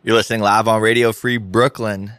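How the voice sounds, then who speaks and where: A man's voice: on the low side, little pitch movement, brisk, fairly bright tone, smooth, no room sound. A man co-hosting a community radio music show, a laid-back talker who says "dude" a lot. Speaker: radio co-host. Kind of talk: casual radio banter.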